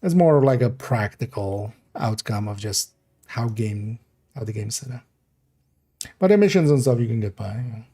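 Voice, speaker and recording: Mellow, mumbling male streamer. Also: mid-range voice, expressive, normal speed, slightly rough. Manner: rambling, mumbling, lots of fillers. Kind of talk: casual livestream game talk.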